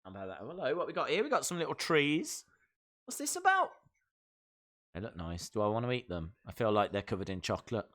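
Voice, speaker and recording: A man hosting a live reaction stream, chatting casually and excitedly to his viewers as he thinks out loud. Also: mid-range voice, fast.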